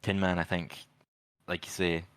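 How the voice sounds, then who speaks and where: A man in casual podcast chat, with a lowish voice and a dry, close sound. He talks about films loosely, swears a lot and laughs through his retellings. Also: little pitch movement, moderate pace, fairly bright tone, clear, resonant tone, no echo. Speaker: podcast co-host. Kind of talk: casual film review chat.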